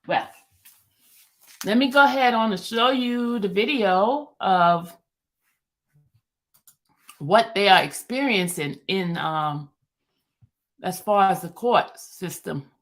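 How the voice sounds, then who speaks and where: A woman's voice: medium pitch, expressive, slow, pauses often, a bit bright. A woman hosting a casual live stream, chatty and apologetic, with many fillers as she talks. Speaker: YouTube live streamer covering a court case.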